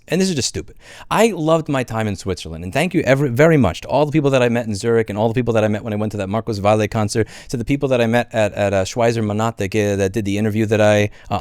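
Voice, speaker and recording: On his own video channel, a man delivers a fast, furious rant, indignant and swearing throughout. His voice is on the low side with a darkish tone, captured in clean studio sound with no room echo.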